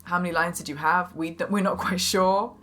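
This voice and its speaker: A woman's voice: fairly low pitch, fairly even intonation, normal speed, fairly bright tone, soft background music. A woman hosting a casual live-stream Q&A, reading out viewer questions and chatting about them. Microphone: one mic shared with the guest.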